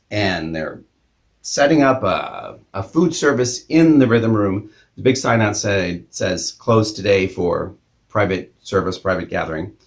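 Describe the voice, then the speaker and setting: An older man hosting a vlog, giving a cranky, sarcastic review of a movie in casual talk with sighs and ums. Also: mid-range voice.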